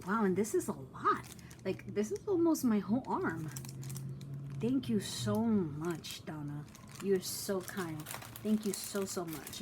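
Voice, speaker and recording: A woman vlogging at home as she opens craft mail, gushing with excitement and gasping at each item. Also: medium pitch, noisy background. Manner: gushing, excited, frequent gasps and exclamations. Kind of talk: casual unboxing chat. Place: room at home with the door closed.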